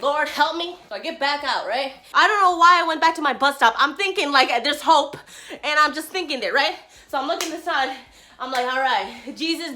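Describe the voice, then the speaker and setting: A woman vlogger telling a travel story in a casual, animated way, laughing often and acting out the people she quotes. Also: high voice.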